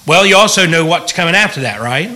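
A man's voice: fairly high pitch, expressive, fast, sharp tone, poor audio. A middle-aged man, a pastor, teaching the Bible in a folksy, joking way and asking the room questions.

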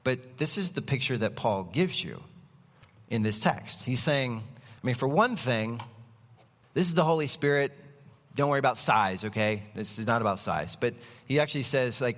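A man's voice: medium pitch, moderate pace, fairly bright tone, long reverb tail. A man preaching a sermon as pastor, in a conversational, emphatic way. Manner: conversational, emphatic preaching with object-lesson props.

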